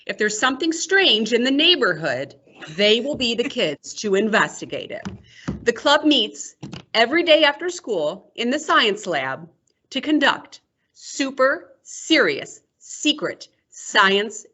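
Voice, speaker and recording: A woman librarian slowly and expressively summarizing a picture book like a storyteller. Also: fairly high pitch, very animated, pushed and bright, husky, muffled recording. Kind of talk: picture book review with read-aloud summary.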